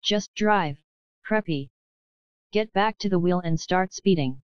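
A woman narrator voicing a blunt, quiet-spoken young college woman in an audiobook. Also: fairly low pitch, slow pace, smooth, no room sound, highs cut off. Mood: brisk. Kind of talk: audiobook character reading.

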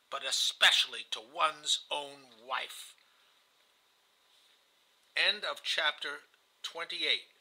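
A man's voice: fairly high pitch, pushed and bright, poor audio. A man reading a novel aloud in the first person, earnest and confessional. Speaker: audiobook reader.

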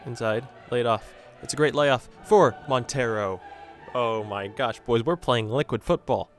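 A man's voice: mid-range voice, measured pace, soft background music. A man giving live commentary over his own soccer video game match as a channel host, cheering on his players and talking to his viewers as "boys".

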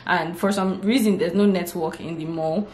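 A woman's voice: on the low side, fairly even intonation, normal speed, darkish tone. A young woman in her twenties with a Nigerian accent, vlogging and telling a story casually, acting out what people said. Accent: Nigerian English. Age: 20s. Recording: roomy echo, faint background hiss.

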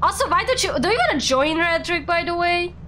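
A young woman hosting a casual game stream, playful and teasing, quick to exclaim. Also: extremely high pitch, animated, bright, forceful tone, a little hiss or hum. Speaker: streamer and VTuber host.

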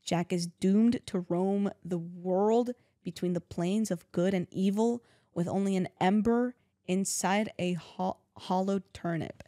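A woman's voice: mid-range voice, a little slow, mellow, dry recording, studio quality. A young woman reading a legend aloud in a casual chat, breaking off for jokey, swearing asides and laughs. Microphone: own microphone.

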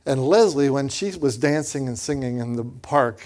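Man, preacher, medium-pitched voice, lively storytelling, repeats himself, acts out quotes. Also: moderate pace. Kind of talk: storytelling sermon.

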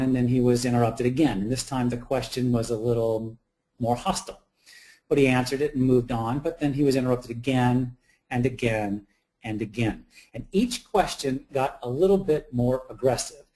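A man's voice: medium pitch, darkish tone. A man working as a communications consultant gives a wry, anecdotal storytelling presentation in a drab, windowless meeting room. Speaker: communications consultant giving a talk.

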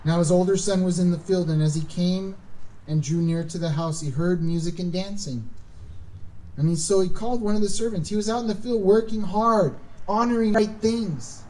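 A man's voice: sits high, normal speed, warm tone. A man pastor giving a conversational sermon in a church, acting out the lines of the Bible characters as he goes. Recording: distant mic with faint background noise.

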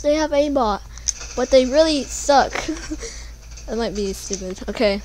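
A young woman giving casual gameplay commentary, panicking and pleading, then yelling at the game. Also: high voice, expressive, measured pace. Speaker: gamer.

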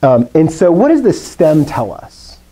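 Mellow-voiced man teaching a class. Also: a little high, sing-song, measured pace. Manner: reciting drills, then explaining with fillers and questions. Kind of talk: classroom lesson.

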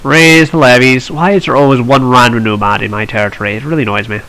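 Bright-voiced man narrating his gameplay. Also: mid-range voice, very fast, low-quality recording. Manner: chatty, thinking aloud, wry asides. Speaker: let's play host. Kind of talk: strategy gameplay commentary.

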